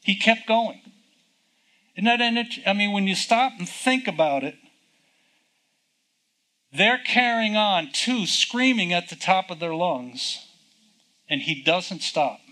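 A man's voice: high voice, expressive, slow, pauses often, sharp tone, low-quality recording. A man preaching a sermon, teaching from the Bible in a conversational way, reading verses aloud and asking rhetorical questions.

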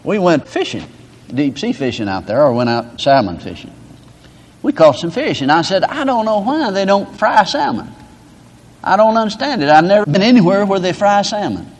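A man's voice: high voice, very animated, moderate pace. A man preaching a sermon, telling folksy stories with laughter to illustrate his point. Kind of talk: storytelling sermon. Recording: reverberant hall.

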